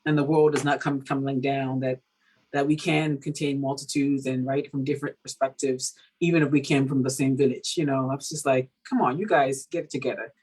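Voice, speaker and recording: A woman from Cameroon, an author being interviewed, talking in a casual, animated way with many fillers and laughs. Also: very deep voice, brisk, husky, rough recording. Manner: animated, laughing, full of fillers like "you know". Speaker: author guest.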